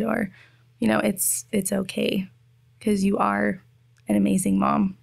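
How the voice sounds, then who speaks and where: A woman's voice: mid-range voice, little pitch movement, a little slow, vocal fry. A woman on a podcast, a bit emotional, offering encouragement to other mothers. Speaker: guest mother. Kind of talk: casual podcast chat.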